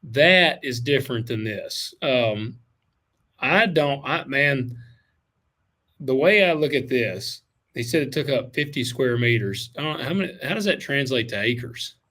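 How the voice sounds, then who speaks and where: A man's voice: medium pitch, lively intonation, a little slow, sharp tone. A man hosting a farming podcast in casual chat, informal and talkative, calling people man and dude. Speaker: podcast host reading listener emails.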